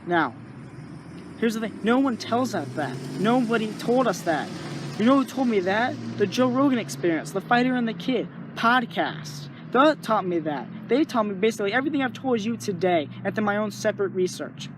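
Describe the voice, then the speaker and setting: A man's voice: sits high, animated, normal speed, background noise. Earnest rambling young man outdoors. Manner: earnest, rambling, acts out inner voices. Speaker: vlogger. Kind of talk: casual spoken reflection.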